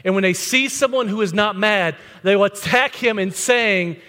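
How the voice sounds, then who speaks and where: Man, pastor, high voice, blunt conversational sermon, long church reverb. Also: moderate pace, pushed and bright. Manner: blunt, conversational preaching with rhetorical questions. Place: church sanctuary with congregation.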